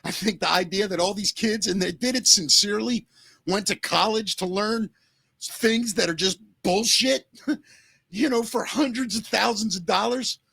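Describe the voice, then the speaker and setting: Emotional man near tears, bright voice. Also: sits high, creaky, breathy edge, no echo. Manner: earnest, emotional, swearing, halting restarts. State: close to tears. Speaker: podcast co-host. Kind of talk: emotional podcast talk.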